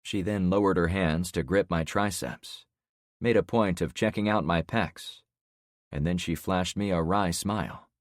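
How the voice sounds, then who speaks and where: A man narrating a first-person survival thriller audiobook in a steady, dry storytelling delivery. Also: low voice, unhurried, no room sound.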